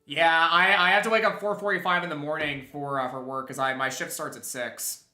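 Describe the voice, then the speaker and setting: Rambling young man streaming, bright and roomy. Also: a little high, steady tone, brisk, soft background music. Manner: rambling, restarts a lot, chuckles often. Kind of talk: casual live-stream chat while gaming. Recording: roomy echo.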